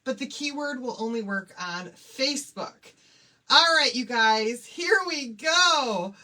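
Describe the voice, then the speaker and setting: A woman's voice: sits high, lively intonation, takes it slowly, pushed and bright. A woman hosting a casual craft livestream, bubbly and chatty as she greets viewers one by one.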